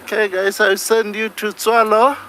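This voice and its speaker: A man speaking outdoors as a safari field guide, giving slow live commentary in simple phrases. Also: high-pitched, little pitch movement, sharp tone, slight background noise, rough recording.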